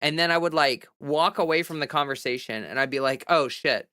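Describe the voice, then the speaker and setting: A woman's voice: low-pitched, a little fast, fairly bright tone, clear, resonant tone, no echo, studio quality. A woman livestreamer chatting candidly and giving advice in a casual way.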